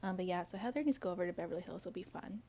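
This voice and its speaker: Chatty woman on her own channel, kinda creaky warm voice, blunt and gossipy, swears a lot. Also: fairly low pitch, lively intonation, very fast. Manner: chatty with frequent fillers and asides. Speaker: reality TV commentary host. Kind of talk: casual solo commentary to viewers.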